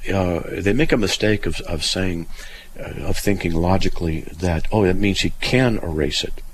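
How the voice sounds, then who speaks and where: A man's voice: deep voice, moderate pace, slight background noise, poor audio. A man hosting a call-in Bible question show, reading verses aloud and explaining them step by step with a dry sense of humor. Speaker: radio Bible Q&A host. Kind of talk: call-in radio answering a caller.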